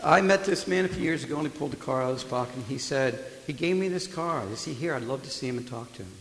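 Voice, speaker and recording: Guy doing a polite young soldier, soft and earnest, echoey hall. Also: mid-range voice, animated, quick pace, a little hiss or hum.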